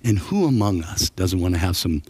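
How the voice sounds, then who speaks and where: A man preaching a sermon as pastor, telling stories with humor and lively emphasis. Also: low voice, moderate pace, slightly rough. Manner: animated storytelling with humor. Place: church sanctuary.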